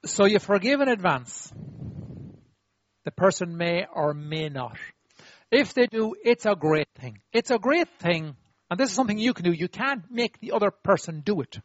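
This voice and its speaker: A man preaching a sermon in an animated, demonstrative way, acting out apologies and getting the audience to repeat after him. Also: high voice, normal speed, highs cut off.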